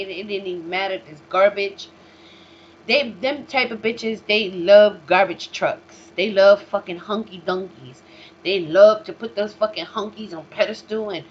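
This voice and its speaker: Vlog host, woman, mid-pitched, profane and emphatic, loud then muttering; lo-fi dull sound. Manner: profane, emphatic, swings between loud outbursts and low mutters. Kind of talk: ranting vlog monologue. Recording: dull lo-fi recording with faint noise.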